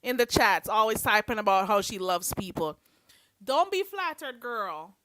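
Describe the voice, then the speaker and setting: A woman's voice: mid-range voice, lively intonation, moderate pace, a bit bright, no room sound. A woman hosting a livestream, giving blunt, sassy commentary and preachy advice. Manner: blunt, sassy, preachy, calls listeners "girl". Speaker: livestream host.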